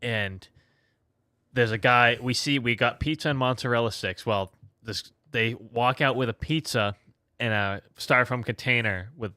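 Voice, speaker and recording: A man on a podcast telling a quick anecdote in casual chat, animated and restarting his sentences. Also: mid-range voice, clear, resonant tone, no echo. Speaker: podcast co-host. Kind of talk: casual storytelling.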